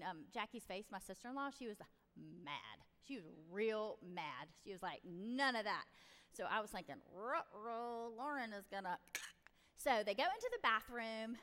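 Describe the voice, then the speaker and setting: A middle-aged woman giving parenting advice in a chatty, animated storytelling way. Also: a little high. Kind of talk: casual advice talk. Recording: reverberant room.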